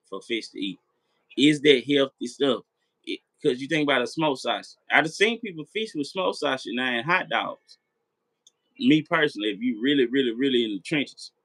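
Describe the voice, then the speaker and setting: Bright-voiced rambling man. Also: medium pitch, no room sound, rough recording. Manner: rambling, repetitive, profane; talks straight to viewers. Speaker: live stream host. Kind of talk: casual late-night chat.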